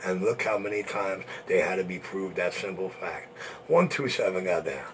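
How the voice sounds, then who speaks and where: A man's voice: sits low, moderate pace, background noise. A man hosting an internet radio show, taunting and boasting in a profane monologue.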